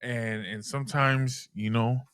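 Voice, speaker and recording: A man's voice: medium pitch, steady tone, a little slow, a bit bright, smooth, dry recording, clean studio sound. A man in his forties telling stories in an easygoing, casual way as a podcast co-host, calling his friend bro. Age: 40s. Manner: easygoing storyteller, calls friend bro and dog. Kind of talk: casual chat.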